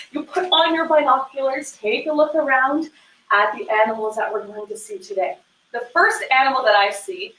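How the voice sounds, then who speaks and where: A young woman speaks in a high voice as she guides little ones through yoga. She coaches gently and playfully, one step at a time. The sound is roomy, picked up by a camera mic in a room at home. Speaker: kids yoga instructor. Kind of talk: guided children's yoga class. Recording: roomy echo.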